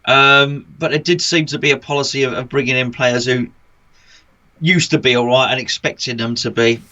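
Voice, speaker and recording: Playful male co-host with a bright, forceful voice. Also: medium pitch, steady tone, normal speed, highs cut off, slight background noise. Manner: jokey, playful, laughs often. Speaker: podcast co-host. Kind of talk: casual chat.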